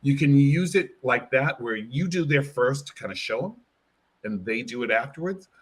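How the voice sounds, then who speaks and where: A man, a hair care brand educator, explaining and demonstrating a product in an animated interview, acting out bits of client dialogue. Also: medium pitch, moderate pace, breathy edge.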